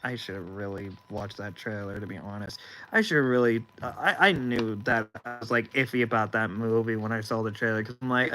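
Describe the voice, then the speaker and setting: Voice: medium pitch, fairly even intonation, a little fast, a bit bright, a little hiss or hum, poor audio. A young male livestream host chatting casually, rambling and often restarting his sentences. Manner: rambling, stop-start, with frequent restarts.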